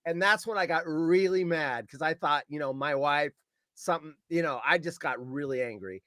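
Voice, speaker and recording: A man calling in to a show and telling a story with animated delivery, shouting out his quoted lines and swearing along the way. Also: fairly high pitch, moderate pace, no echo.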